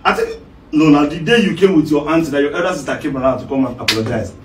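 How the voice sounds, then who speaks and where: A man with a Nigerian Pidgin English accent in a casual group chat, teasing and animated, laughing often. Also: a little high, quick pace. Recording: echoey room, distant mic, faint noise.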